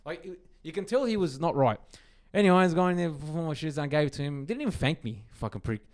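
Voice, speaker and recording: An Australian man on a podcast telling a long, rambling anecdote, animated and sweary, with lots of restarts. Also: on the high side, fast talker. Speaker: podcast co-host. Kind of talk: casual chat.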